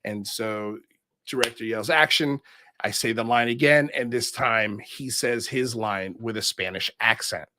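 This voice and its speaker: A man hosts a livestream, reading chat comments aloud and rambling casually. He's animated, laughs a lot, and uses many fillers. His voice is on the low side at a measured pace, and there's background noise.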